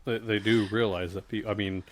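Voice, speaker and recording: A man's voice: lowish voice, fairly even intonation. A man co-hosting a podcast, chatting casually about customer service and often restarting his sentences. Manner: halting, many restarts, speaks from work experience. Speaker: podcast co-host. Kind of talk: casual chat.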